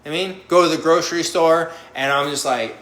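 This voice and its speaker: A man's voice: a little high, brisk, a bit bright. Blunt, profane man in an echoey room. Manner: blunt, profane, candid, acts out his own past reactions. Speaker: formerly incarcerated guest on a live panel. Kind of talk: candid conversational storytelling.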